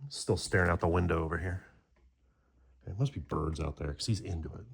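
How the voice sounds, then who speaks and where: A man's voice: low-pitched, fairly quick, vocal fry, husky, no echo. A man hosting a card-opening video, rambling casually as he reads off player names and talks to his pet. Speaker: card-breaking channel host. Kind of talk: casual pack-opening chat.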